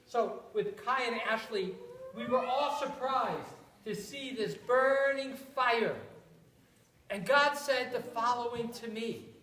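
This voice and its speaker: Unhurried woman telling children a story. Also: fairly high pitch, a bit bright, recorded from a distance. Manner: interactive, asks children to repeat words. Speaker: rabbi. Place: synagogue room. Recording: echoey room.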